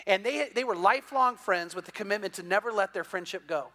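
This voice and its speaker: A middle-aged man, a pastor telling a story in a sermon, animated and full of repeated "and, and" restarts as he acts out the people in it. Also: sits high, fairly quick.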